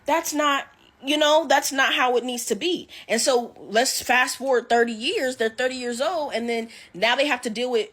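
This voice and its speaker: Husky woman riffing on anime themes, kinda high voice, keeps saying right?. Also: moderate pace. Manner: animated, emphatic, keeps asking "right?". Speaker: anime commentator. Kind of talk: casual opinion talk.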